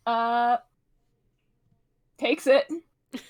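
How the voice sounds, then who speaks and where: A woman's voice: fairly high pitch, slow. A woman narrating a tabletop game as game master, casual and laughing, with many fillers.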